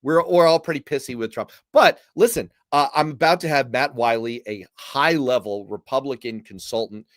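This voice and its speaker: A man's voice: medium pitch, normal speed, hardly any pauses, no room sound, studio quality. A man hosting a live-stream political commentary show, feisty and jokey, talking with a guest and reading out viewer comments. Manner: animated and feisty, jokey asides. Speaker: host.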